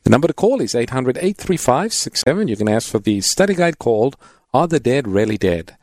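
A man co-hosting a call-in Bible radio program, introducing callers and adding measured comments on scripture. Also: medium pitch, very animated, a little mellow, dry recording. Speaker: radio co-host. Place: radio studio.

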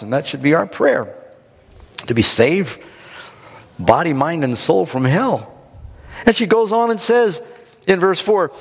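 Animated preacher man in an echoing hall. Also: medium pitch, a little slow, husky. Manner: animated, dramatic retelling. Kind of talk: sermon with storytelling. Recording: long hall reverb.

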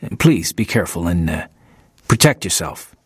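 A man voicing a worried male college track coach who speaks hesitantly, with halting fillers, in an audiobook reading. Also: low voice, sing-song, breathy edge, no echo, studio quality, pitched below the performer's own voice, heavily acted. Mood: concerned.

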